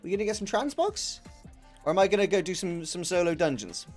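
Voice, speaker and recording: A man's voice: high-pitched, big pitch swings, a little fast, soft background music. A young man chatting casually on a game stream, laughing often and swearing freely. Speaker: live-streaming gamer.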